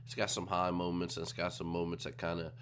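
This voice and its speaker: A man's voice: sits low, fast talker, slight background noise. A man hosting a reaction video, chatting casually to his viewers between clips. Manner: relaxed, chatty asides to viewers. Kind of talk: casual commentary.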